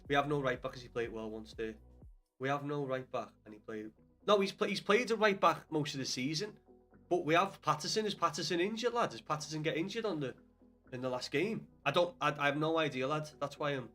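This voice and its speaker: A man's voice: fairly high pitch, animated, brisk, fairly bright tone, faint music behind. A young man with a Scouse accent chatting casually on a live stream about football, swearing often and calling viewers lad. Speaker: livestream host.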